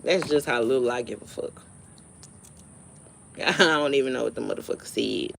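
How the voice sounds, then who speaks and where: A woman's voice: extremely low pitch, moderate pace, creaky, a bit bright. A woman hosting a live stream, ranting in a blunt, profane, dismissive way and telling stories with animation. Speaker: livestream host. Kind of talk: casual live-stream rant.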